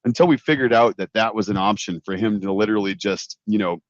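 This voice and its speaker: A man's voice: fairly low pitch, quick pace, dry recording. A man co-hosting a casual livestream from his honeymoon, easygoing and rambling with lots of fillers. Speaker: co-host, company owner. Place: outdoors on honeymoon at a beach resort. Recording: dull lo-fi stream audio.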